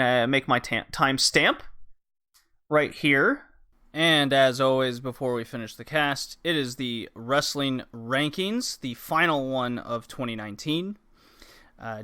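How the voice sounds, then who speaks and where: A man's voice: mid-range voice, sharp tone, clean tone. A man hosting a podcast, recapping in a casual, blunt, profane way with loose fillers. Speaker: podcast host.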